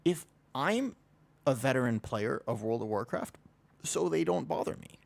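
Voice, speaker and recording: A man's voice: medium pitch, animated, normal speed, gravelly. A man chatting casually to his live stream audience, rambling with frequent restarts.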